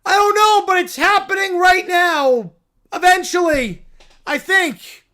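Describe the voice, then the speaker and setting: A man voicing an excitable little male bear with shrill, wildly enthusiastic proclamations. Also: slow, heavily acted. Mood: zealous.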